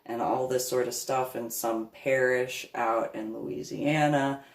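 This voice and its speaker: A woman reverend talks through a personal story in a casual monologue. She is animated and stacks up repeated words for emphasis. Her voice carries a roomy echo from the space around her. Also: a bass voice, slow pace.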